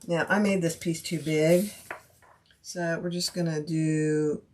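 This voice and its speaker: A woman talks unhurriedly in a fairly low voice while sewing live, chatting with her viewers and greeting them as they arrive. She speaks casually in a home sewing room, with a steady noise running under her voice. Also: slow. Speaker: sewing livestream host. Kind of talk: casual live crafting chat.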